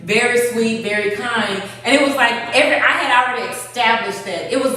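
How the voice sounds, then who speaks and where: Woman, blunt storyteller, higher voice, echoey room, far from the mic. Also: brisk, pushed and bright, faint music behind. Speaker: host. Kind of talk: casual chat, storytelling.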